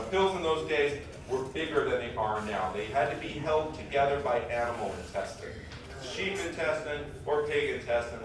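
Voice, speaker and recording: In a school auditorium, a visiting author with a mid-range male voice tells students a playful, jokey story, acting out the characters with sudden shifts. The recording is distant and echoey, with a noisy crowd of children laughing loudly throughout.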